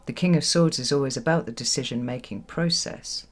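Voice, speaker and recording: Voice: mid-range voice, brisk, slight background noise. A tarot reader giving a solo reading to camera in a reflective way, often repeating words for emphasis and checking in with "right?". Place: home with children nearby.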